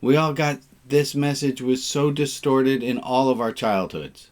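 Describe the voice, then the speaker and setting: A man's voice: mid-range voice, measured pace, darkish tone. A man leading an informal online service as rabbi, chatting and cracking puns with his congregation over a video call. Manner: jovial, punning, chatty with the congregation.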